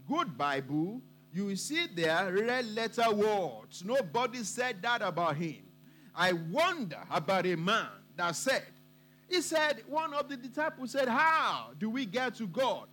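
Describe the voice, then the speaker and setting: High, animated male preacher. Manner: emphatic, repetitive preaching. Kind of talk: sermon.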